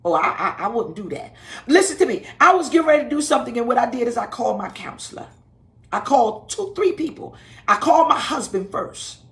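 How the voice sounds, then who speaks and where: A woman pastor preaching a livestream in a high, swooping voice. She is folksy and animated, chuckling as she goes and repeating her words for emphasis. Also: brisk, vocal fry. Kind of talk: livestreamed sermon.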